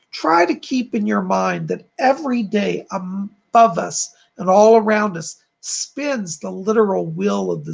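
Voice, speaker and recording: A man's voice: sits high, creaky, slightly rough. A man hosting a live-stream psychic chat, effusive and chatty, often thanking his viewers. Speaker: psychic and channel host.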